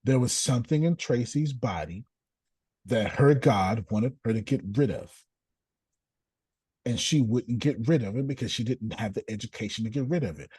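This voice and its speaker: A man teaching in a preaching style, animated, repeating phrases and calling listeners by name. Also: fairly low pitch, husky, no room sound. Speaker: host and teacher.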